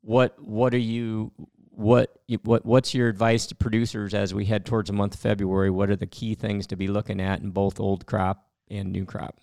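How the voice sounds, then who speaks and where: A man's voice: on the low side, level tone, moderate pace, vocal fry, hardly any pauses, a little mellow, no room sound, studio quality. A man hosting a casual interview, asking rambling questions and restarting them often. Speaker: host.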